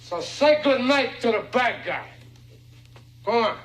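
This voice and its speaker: An actor playing a drunk, bitter gangster who sneers slow taunts at people. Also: male voice, very high voice, expressive, exaggerated voice, poor audio. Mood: sneering. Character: drunk, bitter gangster man calling himself the bad guy.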